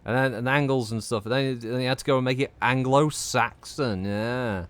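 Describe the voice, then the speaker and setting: A man's voice: medium pitch, moderate pace. A man from Northwest England with a Northwest English accent, giving rambling, sweary banter as he streams and commentates on a game. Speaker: gaming streamer. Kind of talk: casual gameplay commentary.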